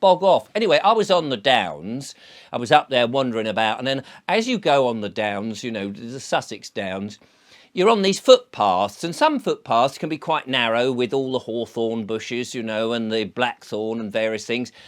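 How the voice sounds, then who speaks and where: A man's voice: mid-range voice, very animated, moderate pace. A middle-aged man hosting his channel in a casual monologue, telling sarcastic stories and acting out scenes. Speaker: channel host.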